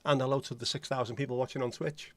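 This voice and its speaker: A man's voice: medium pitch, fairly even intonation, fast, dry recording. A man with a Liverpool accent hosting a casual livestream chat, joking, swearing freely and greeting viewers by name. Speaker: livestream host.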